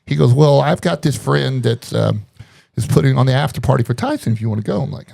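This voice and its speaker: A man telling a story in casual podcast chat, lively and animated, slipping into the voices of the people he quotes. His pitch sits in an ordinary middle range, and he laughs often as he talks. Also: fast, gravelly. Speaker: podcast guest.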